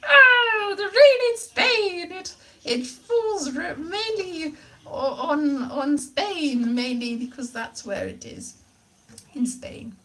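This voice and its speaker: A woman voicing a haughty, newly posh young lady, with an exaggerated plummy delivery and drawn-out vowels. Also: very high-pitched, animated, bright, forceful tone, exaggerated voice. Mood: mock-posh.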